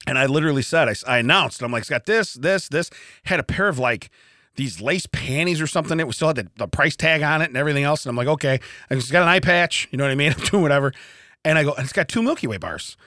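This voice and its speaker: A man's voice: a little high, expressive, fast, pushed and bright, no room sound, clean studio sound. A man co-hosting a podcast, telling a story in casual chat, acting out quotes and laughing often. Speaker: podcast co-host. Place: podcast studio.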